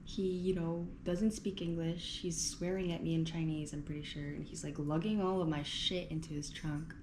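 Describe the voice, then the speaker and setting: A woman's voice: low-pitched, little pitch movement, moderate pace, noisy background. A woman in her twenties telling a candid personal story in a vlog from a hotel room, bluntly and with frequent swearing. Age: 20s. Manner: blunt, swears freely, lots of "like". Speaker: vlogger.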